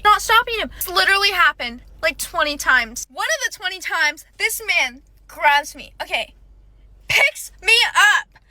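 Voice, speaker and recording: A young woman telling a first-date story, animated and dramatic, often breaking into laughs. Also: very high voice, unhurried, dry recording. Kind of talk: casual storytime.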